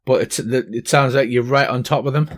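A man's voice: mid-range voice, steady tone, a little fast. A man narrating a tabletop game as game master, with many ums and restarts. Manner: hesitant, lots of ums and restarts.

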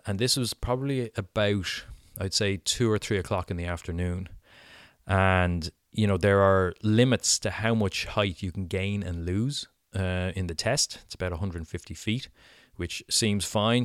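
A man's voice: low-pitched, no room sound, studio quality. A middle-aged Irish man hosting a podcast, telling a story in a chatty way, full of "you know" fillers. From Ireland. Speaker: podcast host. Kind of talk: casual storytelling monologue.

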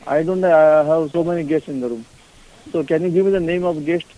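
A man working as a motel desk clerk, speaking politely and haltingly on the phone. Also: a little high, fairly even intonation, lo-fi sound. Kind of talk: phone conversation.

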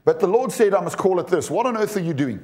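A man in his forties delivers a sermon in a high voice. He talks emphatically, stumbles over repeated words and keeps asking the congregation questions. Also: animated, fast talker, a little mellow. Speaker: preacher.

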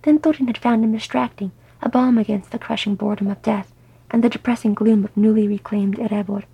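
A woman narrating a story aloud, soft and often whispery. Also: fairly high pitch, steady tone, fairly quick, creaky, slightly rough. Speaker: audiobook reader.

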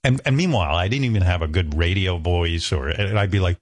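A man's voice: sits low, fairly quick, few pauses, dry recording. A man telling stories from his own life in a casual, self-mocking way, acting out other people's lines. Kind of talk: casual storytelling chat.

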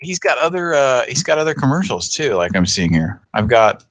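A man's voice: medium pitch, very animated, moderate pace, fairly bright tone, no room sound. A man hosting a radio show, chatting casually, laughing and swearing as he rambles. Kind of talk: casual chat.

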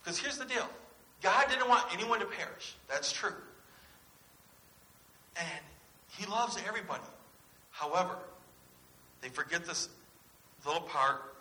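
A pastor preaches a sermon in church, earnestly posing questions to his congregation. His voice is slightly high and sharp, and he speaks unhurriedly with long pauses. The room is echoey, with a faint hiss.

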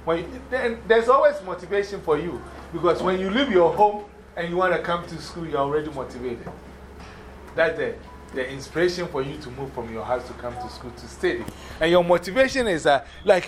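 African-accented man, upper-pitched, emphatic motivational speaker in a classroom; light background hiss. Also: a little fast, rough recording. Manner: emphatic, repeats points and checks understanding with questions. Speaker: guest speaker to schoolchildren. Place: school classroom.

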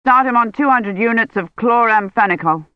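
Reader doing a brisk doctor, short and matter of fact, dull dry lo-fi audio. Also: mid-range voice, smooth, no echo, voice pushed up, natural voice. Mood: businesslike. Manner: clipped, businesslike.

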